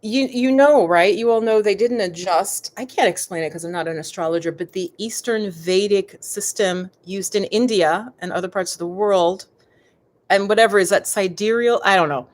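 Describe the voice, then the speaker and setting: A woman's voice: medium pitch, moderate pace. A middle-aged woman hosting a live stream on yoga and meditation, chatting casually and wandering off on tangents, often calling her viewers "you guys.".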